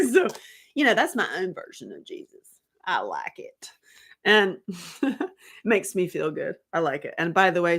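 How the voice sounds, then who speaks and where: A chatty woman talks loosely and rambles, her voice sitting a little low. She laughs often as she goes. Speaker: host. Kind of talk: casual chat.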